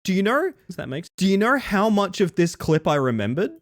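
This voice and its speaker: A young male streamer talks casually with his chat, his voice bouncing around with lots of pitch movement and sitting a little above the usual male pitch. He swears freely and keeps things loose and chatty. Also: brisk. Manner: animated, profane, chatty with viewers. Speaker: livestreamer.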